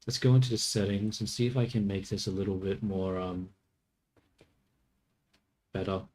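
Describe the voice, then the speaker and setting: Brief: man with a lowish voice, casual think-aloud streamer, mutters and swears lightly through his work. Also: steady tone, normal speed, a little mellow. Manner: mutters to himself, swears casually, laughs at mistakes. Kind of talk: casual think-aloud commentary while working.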